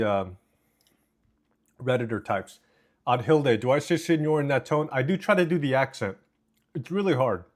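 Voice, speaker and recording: Through a desk mic with noise cancellation, a man with a medium-pitched, darkish voice streams live from indoors at home. He chats casually and reads chat aloud while he eats.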